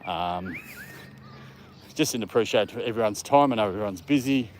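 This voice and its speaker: During a live stream, a man walks his dog in the park, chatting casually and talking to the dog. He speaks at a normal pace in a fairly low, slightly mellow voice, amid faint outdoor background noise.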